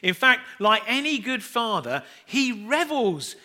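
A man's voice: very high voice, big pitch swings, unhurried, pushed and bright. A middle-aged man preaching a sermon, telling chatty, self-deprecating family stories and acting out the voices in them.

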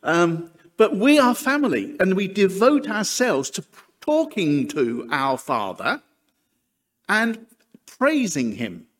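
Male preacher, lively and slightly high, casual asides, hall echo. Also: takes it slowly. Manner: chatty, self-deprecating asides. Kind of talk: sermon. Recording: long hall reverb.

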